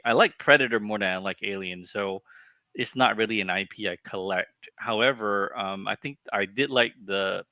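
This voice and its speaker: A man's voice: lowish voice, bright, forceful tone, dry recording. A man co-hosting a casual collectibles podcast, ranting with heated, profane opinions. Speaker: podcast co-host. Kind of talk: casual chat.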